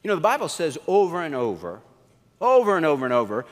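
A man pastor preaching a sermon, telling the story in an animated way and acting out the quotes. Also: fast, in a large hall. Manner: animated storytelling, acts out quotes with swings in pitch.

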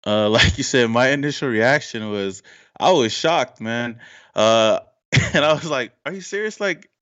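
A man's voice: medium pitch, a little slow, a bit bright, muffled recording. A man co-hosting a casual sports podcast, often laughing as he talks. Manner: laughs often while talking. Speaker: podcast co-host.

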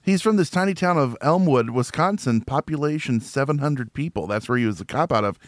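A man from near Chicago chats loosely on a podcast, joking and wandering off on tangents, laughing often. His voice sits at an ordinary middle pitch. The recording is close and dry, with no room sound. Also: lively intonation, fairly quick, no room sound. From Illinois, near Chicago. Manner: jokey, rambling, laughs often. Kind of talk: casual podcast chat.

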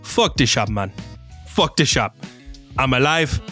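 Casual: guy doing a freaked out ripper doc, swearing a lot, slow and bright. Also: medium pitch, expressive, faint music behind. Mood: relieved. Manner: swearing, overwhelmed with relief. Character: frantic grateful male ripper doc.

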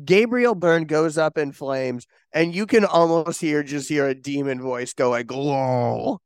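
A man on a podcast gushes about a horror film, swearing freely and exclaiming. His voice is smooth and resonant, and sits slightly high for a man. The recording is close and dry. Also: expressive, unhurried, no echo. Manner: enthusiastic, profane, exclamatory. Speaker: podcast co-host. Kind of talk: casual movie discussion.

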